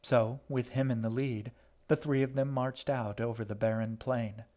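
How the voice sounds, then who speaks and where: A man narrating a fantasy audiobook in a steady, measured way. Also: medium pitch.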